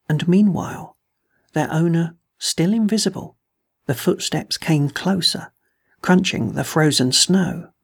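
Male audiobook reader, measured and dramatic, husky with a rough fry. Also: a little high. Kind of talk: scripted narration.

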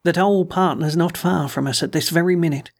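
Man doing a frightened, excitable woods guide. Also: a little high, brisk, vocal fry. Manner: reckless, half-choked, defiant.

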